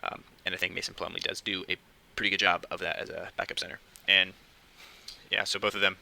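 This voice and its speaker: A young man hosting his own casual podcast, talking quietly and hesitantly at home late at night, with many fillers. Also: low-pitched, flat delivery, fast, vocal fry, poor audio. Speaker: podcast host. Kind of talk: casual solo podcast talk.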